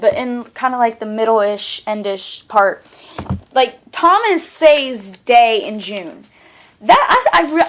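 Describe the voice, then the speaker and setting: A young woman reviewing a novel in a casual vlog, gushing and excitable, full of fillers and restarts. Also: on the high side. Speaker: book reviewer.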